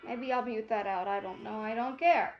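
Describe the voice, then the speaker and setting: Woman game streamer, high and sharp, venting and cursing over slightly muffled audio. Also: moderate pace, slight background noise. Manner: exasperated, ranting, swears freely. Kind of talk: live-stream commentary.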